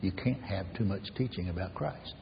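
A male pastor preaching a sermon with emphatic repetition, swinging from loud declarations to hushed lines. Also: low voice, normal speed, vocal fry, big-room sound, muffled recording, a little hiss or hum. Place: church sanctuary.

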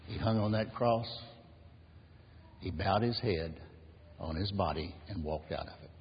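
A man preaching a sermon and telling stories, unhurried, letting his phrases drop to a hushed close. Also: fairly low pitch. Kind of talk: sermon with storytelling. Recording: echoey hall, dull lo-fi sound, faint hiss.

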